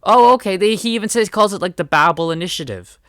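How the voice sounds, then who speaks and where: A man delivers an impassioned video commentary, hammering his points with repeated words. His voice is bright and crisp, and the sound is close and dry. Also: high voice, fast talker, no room sound. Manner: heated, emphatic, repeats words for stress.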